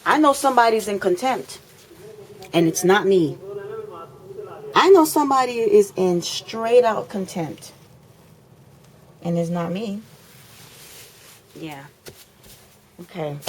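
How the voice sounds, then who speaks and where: A woman's voice: mid-range voice, slight background noise, poor audio. A woman, filming an impassioned complaint in her apartment, talking indignantly and repeating phrases for emphasis.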